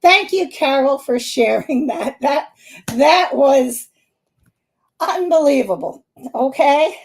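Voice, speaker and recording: Host: middle-aged woman, Philly-area accent, high-pitched, lively and laughing, talking to viewers on a live stream. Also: takes it slowly, vocal fry. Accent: Philadelphia area. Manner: chatty, animated, laughing often. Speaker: psychic medium hosting a live stream.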